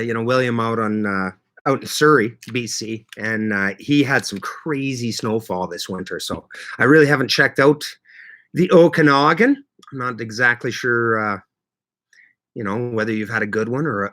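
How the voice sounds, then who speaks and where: A man hosting a relaxed livestream chat, his voice bright and forward. He rambles in an easygoing way, chuckles often and calls out viewers by name. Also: mid-range voice, moderate pace. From Canada. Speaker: livestream host.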